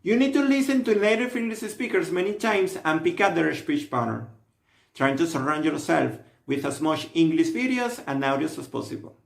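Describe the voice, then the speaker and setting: Lively gravelly man narrating a lesson. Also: fairly high pitch. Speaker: language teacher. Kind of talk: scripted narration. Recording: roomy echo.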